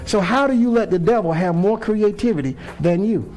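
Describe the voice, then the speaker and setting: A man's voice: sits high, moderate pace, darkish tone, faint music behind. A man preaching a sermon, impassioned, with call-and-response to the congregation. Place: church sanctuary.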